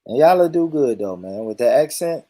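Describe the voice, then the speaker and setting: A man's voice: medium pitch, expressive, moderate pace, dark tone, no room sound. A middle-aged Southern American man hosting a casual panel chat, playful and laughing often. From Southern United States. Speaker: host.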